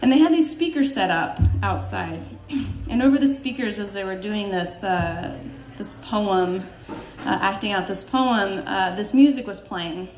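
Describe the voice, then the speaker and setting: A woman's voice: mid-range voice, lively intonation, unhurried, roomy sound, slight background noise. Laughing woman telling a story on stage. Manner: warm, laughing, many fillers and restarts. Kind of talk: personal story told on stage. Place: live storytelling event.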